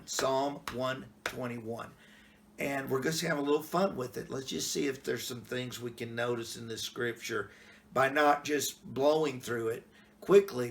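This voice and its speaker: A man's voice: mid-range voice, vocal fry. A middle-aged man, a pastor, giving a casual, plain-spoken devotional talk on a Bible passage in a folksy, conversational way.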